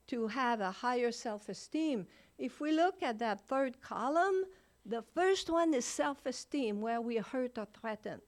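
An older woman speaking frankly at a recovery meeting, blunt and laughing often as she shares. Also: fairly high pitch.

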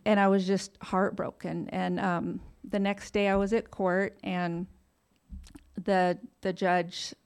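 A woman's voice: medium pitch, little pitch movement, takes it slowly, clear, resonant tone. A woman frankly telling her own recovery story, self-deprecating and casually swearing, laughing through painful memories. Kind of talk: candid personal storytelling.

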